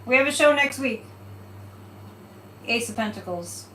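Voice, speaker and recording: A woman's voice: a little high, unhurried, distant mic. A woman hosting a livestream psychic reading, talking casually and emphatically and repeating her points. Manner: animated and emphatic, repeating phrases. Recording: echoey room, from off mic, faint background noise.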